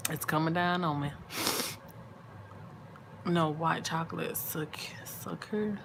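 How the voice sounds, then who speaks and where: Drowsy and yawning, a middle-aged woman talks slowly with viewers during a late-night livestream. She has a slightly low voice with vocal fry, drawing out her words easily and chattily and adding quiet murmured asides. A faint hiss sits beneath her.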